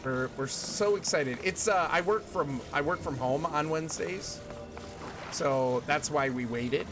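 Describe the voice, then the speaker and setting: A man's voice: fairly high pitch, a little slow. A man streaming a video game, chatting playfully with viewers and singing snatches of songs. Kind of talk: casual gameplay chat with chat readers. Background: game music.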